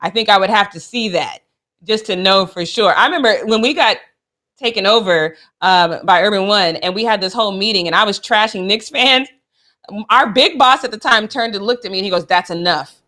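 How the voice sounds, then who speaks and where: A young adult woman co-hosting a sports chat show, animated and playful. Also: mid-range voice, a little fast. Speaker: co-host.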